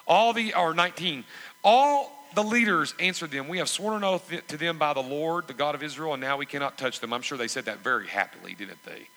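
A man preaching a sermon, emphatic and repetitive, swelling into loud exhortations. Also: fairly high pitch, a little fast, in a large hall, poor audio. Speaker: pastor.

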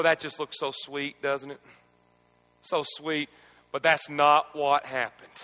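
A male pastor preaching with high, gravelly intensity, his voice ringing out in a big church. He swings from loud, dramatic outbursts to near-whispered moments. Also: in a large hall. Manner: dramatic, swings between shouting and near-hushed speech. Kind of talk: sermon.

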